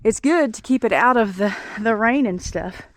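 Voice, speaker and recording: Out of breath on her snowy farm, a homesteader vlogger narrates casually as she feeds her animals, recorded on a tripod camera. Her voice is a little high, her pace normal, and slight background noise can be heard. She chats, addresses the animals, and thinks aloud.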